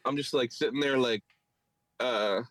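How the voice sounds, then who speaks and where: In a casual podcast chat, a co-host with a Philadelphia accent retells a long story animatedly, rambling and stuffing it with fillers. His mid-range voice is unhurried, and the recording is dry and rough.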